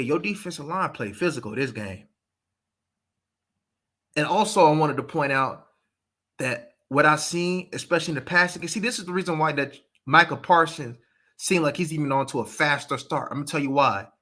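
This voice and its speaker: Man, sports show host, emphatic casual football talk, fairly high voice. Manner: animated, emphatic, repeats points.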